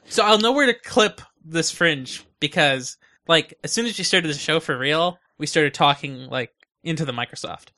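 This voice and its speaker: A high-pitched, bright-voiced man running a podcast session. He keeps giving his co-hosts instructions. The tone is casual and a little bossy. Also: moderate pace. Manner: bossy, directing the others. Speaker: podcast host. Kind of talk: casual chat.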